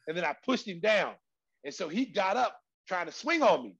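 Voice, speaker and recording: A middle-aged man telling an animated, slangy story as a guest, acting out voices and sometimes shouting. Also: high voice, normal speed, vocal fry, husky, dull audio.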